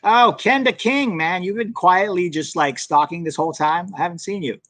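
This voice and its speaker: A man's voice: on the high side, brisk, fairly bright tone, dry recording. A young American man hosting a soccer channel live stream, chatting casually and answering viewer comments. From United States.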